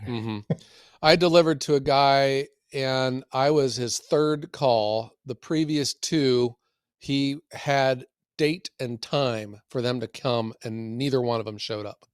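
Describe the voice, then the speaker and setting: A man co-hosting a casual podcast, telling stories in a folksy, animated way. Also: medium pitch, slow pace, clean tone, no room sound, studio quality. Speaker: podcast co-host and firewood seller.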